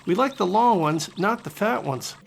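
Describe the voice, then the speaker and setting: A man hosting a video game channel, commentating gameplay with excitable, joking trash talk, over guitar music. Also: sits high, normal speed, creaky, a little hiss or hum. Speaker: gaming channel host.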